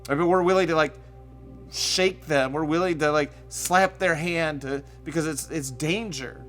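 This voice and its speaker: A man preaching a sermon in a conversational way, sometimes acting out quoted voices with sudden loud bursts. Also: on the high side, moderate pace, soft background music. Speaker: pastor. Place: church stage.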